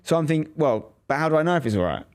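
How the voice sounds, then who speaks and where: A man in his thirties, a podcast co-host in casual chat, telling lively anecdotes and acting out what others said. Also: a little high, racing, clean tone. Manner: lively anecdotal storytelling, acts out quoted voices.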